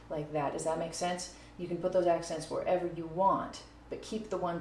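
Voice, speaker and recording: A woman's voice: on the low side, flat delivery, normal speed, creaky, few pauses, mellow. A woman giving a casual music lesson on video, talking through her playing and now and then counting beats and scatting short phrases aloud. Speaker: music teacher. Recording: echoey room with faint noise.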